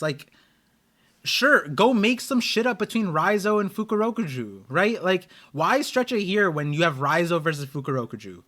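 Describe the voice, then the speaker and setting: A male streamer hosting a live watch party, reacting and rambling to his chat. His fairly high voice swings up and down with animated energy. The tone is bright and forceful. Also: moderate pace. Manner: excitable, rambling, talks to chat.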